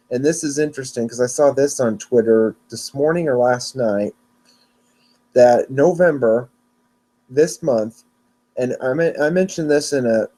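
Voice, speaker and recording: A man's voice: mid-range voice, mellow. Rambling man hosting a weather podcast. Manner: rambling, restarts and corrects himself. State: yawning, sleepy. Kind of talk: casual solo podcast talk.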